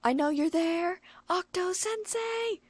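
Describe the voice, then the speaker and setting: A woman's voice: takes it slowly, dry recording. A woman voicing a frantic young female stalker who shrieks through a door in an audiobook. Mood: yelling frantically. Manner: shrill, yelling.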